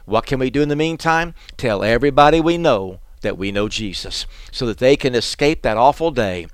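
Middle-pitched guy doing a radio bible teaching, earnest and plain, dry close sound. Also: expressive, brisk, clear, resonant tone, dry recording. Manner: earnest, plain-spoken, acts out the prophet's words. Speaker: pastor.

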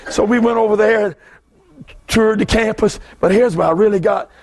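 This guest preacher, Southern American with a creaky voice, moves at a moderate pace through a passionate revival sermon. Low asides give way to shouted bursts.

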